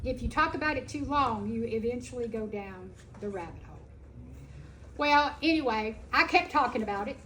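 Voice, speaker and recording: A woman speaking at a festival, telling a personal story in a folksy, emphatic and animated way. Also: a little high, normal speed, a little hiss or hum, rough recording. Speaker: animal sanctuary founder giving a talk. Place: festival stage.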